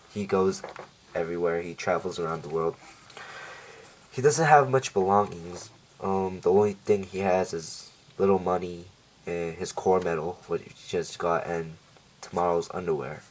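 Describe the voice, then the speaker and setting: A man's voice: low-pitched, slight background noise, poor audio. A man casually recapping a TV episode, rambling with lots of fillers and self-corrections. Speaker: show reviewer.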